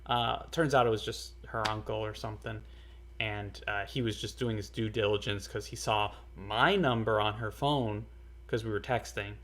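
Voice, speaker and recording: A young man telling a personal story in a casual, earnest way, halting often with fillers and restarts. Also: on the low side, steady tone, a bit bright, slight background noise. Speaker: storyteller vlogger.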